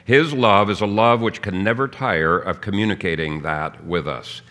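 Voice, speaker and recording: A man's voice: low-pitched, moderate pace, bright, forceful tone. A man preaching a sermon as pastor, teaching earnestly and reading out scripture. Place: church.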